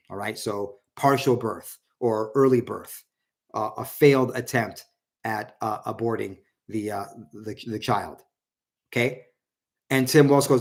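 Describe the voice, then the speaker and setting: A man's voice: medium pitch, fairly even intonation, measured pace, pauses often. A man giving casual solo political commentary, rambling and repeating words, and raising his voice when he quotes others.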